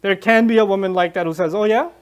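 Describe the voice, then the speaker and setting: Fast, animated male Quran lecturer. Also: high-pitched, clean tone. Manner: animated storyteller, acts out scenes, laughs. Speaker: Islamic lecturer. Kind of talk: Quran lecture with retold scenes.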